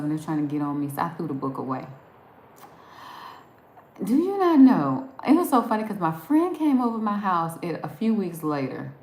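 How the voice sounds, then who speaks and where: A woman's voice: sits low, fairly bright tone. A woman from New Jersey with a Southern accent, rambling and laughing as she chats with viewers on a live stream. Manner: chatty, rambling, laughs often. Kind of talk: casual chat reading viewer comments. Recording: echoey room with faint background noise.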